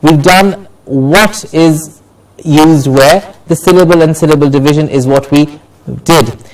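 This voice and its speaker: Slow-spoken male pronunciation teacher. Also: fairly high pitch. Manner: slow, drawn-out modelling of words. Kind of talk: classroom lesson. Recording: voice from far off the mic.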